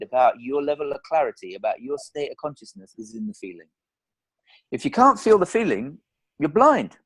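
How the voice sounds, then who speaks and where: A man coaching in a relaxed teaching talk, acting out quoted conversations as he tells stories, with frequent restarts and repeated words. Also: on the high side, rough recording. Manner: animated storytelling, acts out quoted dialogue.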